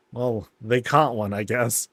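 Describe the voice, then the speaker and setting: A man's voice: medium pitch, no room sound. A man casually commenting on a game, telling stories animatedly with slangy asides. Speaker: game streamer.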